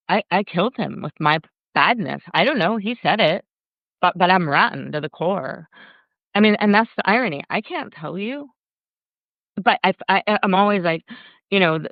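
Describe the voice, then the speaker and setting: A woman talking as a guest on a live video call, animated and unfiltered, acting out her inner voice in quotes. Her voice is smooth and resonant. The sound is dry and dull, like lo-fi streamed audio. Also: low voice, dry recording. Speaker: guest, workshop leader. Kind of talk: casual conversation on a live video.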